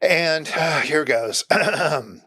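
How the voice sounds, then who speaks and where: A man in his forties co-hosting a podcast in casual comedic chat, reading jokes with a deadpan delivery. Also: a little high, slow, slightly rough, dry recording, clean studio sound. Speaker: podcast co-host.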